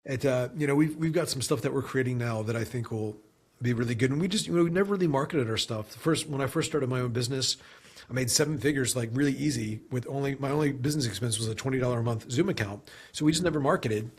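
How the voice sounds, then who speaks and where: Talking fast in a husky, mid-range voice, a sales leader appears as a podcast guest in a conversational interview. He rambles reflectively and says "you know" frequently.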